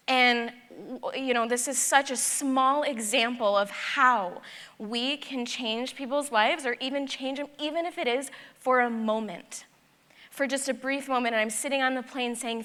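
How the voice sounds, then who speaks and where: Woman, conference speaker, bright and fairly high voice, lively storyteller who acts out dialogue, long reverb of a large hall. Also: normal speed. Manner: animated, acts out dialogue in her stories. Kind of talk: personal storytelling talk.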